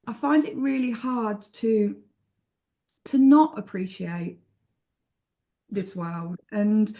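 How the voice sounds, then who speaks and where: An English woman telling stories as a guest author in a casual interview, chatty and expressive. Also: medium pitch, slow pace. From England. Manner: chatty and expressive, many restarts.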